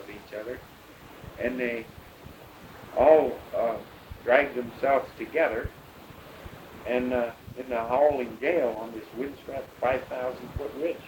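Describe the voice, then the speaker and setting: An older man, a pilot, recounting his past in a rambling, halting way full of fillers. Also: medium pitch. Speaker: bush pilot telling his story. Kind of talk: oral history storytelling. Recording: noisy recording.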